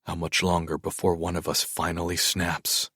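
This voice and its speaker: A man reading a first-person audiobook in a measured, even storytelling manner. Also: low-pitched, slightly rough, dry recording, clean studio sound. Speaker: audiobook narrator.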